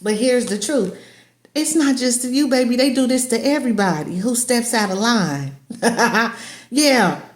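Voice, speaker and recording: A woman with a drawl delivers a fervent spiritual talk in a high voice. She drives each point home with "listen", "right?" and "y'all". The sound carries a roomy echo. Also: expressive, a little slow. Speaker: spiritual teacher. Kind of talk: emphatic motivational monologue.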